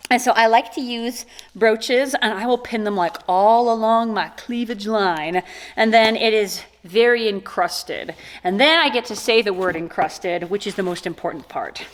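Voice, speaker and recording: Woman opening gifts on her vlog, excited, jokey, kinda high voice. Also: normal speed. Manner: gushing and playful, jokes and exclamations. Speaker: vlogger. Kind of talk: casual unboxing vlog.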